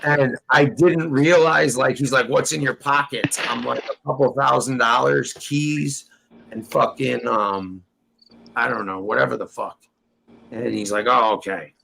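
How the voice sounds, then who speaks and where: Gravelly man telling a profane tall tale. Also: medium pitch, steady tone, a little slow, pushed and bright, low-quality recording. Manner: rambling, profane, acts out quoted dialogue. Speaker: storyteller guest. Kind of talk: casual profane storytelling.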